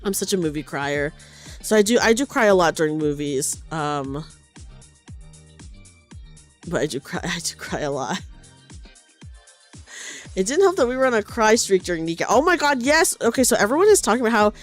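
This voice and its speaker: A young woman hosting a casual stream chat, animated, swearing freely and trailing off into soft mumbles. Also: mid-range voice, moderate pace, long pauses, soft background music. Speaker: streamer host.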